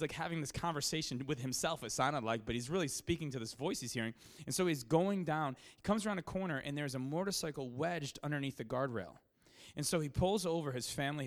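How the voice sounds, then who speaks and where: A medium-pitched man, a pastor, narrates a story as part of a sermon. He's casual and loose, restarting often and leaning on fillers, and gets louder and more worked up as the drama builds.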